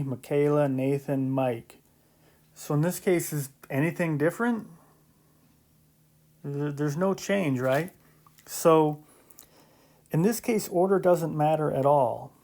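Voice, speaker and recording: Mellow-voiced male math teacher explaining. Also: on the high side, slow. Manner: conversational, explains step by step with frequent "so" and "right?"; lightly joking asides. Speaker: math instructor. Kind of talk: recorded classroom lecture.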